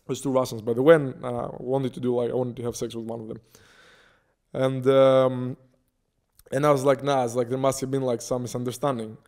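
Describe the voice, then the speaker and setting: Guest, young man, animated casual storyteller. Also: mid-range voice, fairly quick. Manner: animated, swearing freely.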